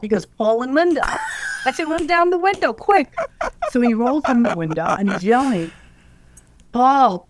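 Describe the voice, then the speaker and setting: A woman's voice: on the low side, dry recording. An older woman as an interview guest, telling stories with animation and acting out the voices of the people she quotes. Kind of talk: storytelling in an interview.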